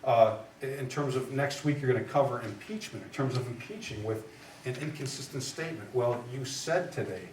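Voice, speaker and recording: The speaker is a trial advocacy instructor teaching lawyers in a live session, emphatic yet conversational, often asking "right?" or "okay?". His medium-pitched voice is expressive, a little fast, and darkish in tone, and the mic sits far away in a reverberant room with faint background noise.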